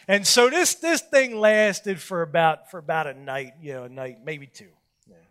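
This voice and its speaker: A man preaching at a Bible study, telling a story from his own marriage in a folksy, self-mocking way and getting animated as he acts out the scenes. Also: on the high side, moderate pace. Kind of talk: storytelling sermon.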